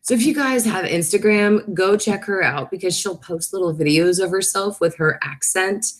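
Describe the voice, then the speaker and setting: A woman's voice: medium pitch, normal speed. A woman in her thirties hosting a casual live stream, chatting, reading viewer comments aloud and laughing often.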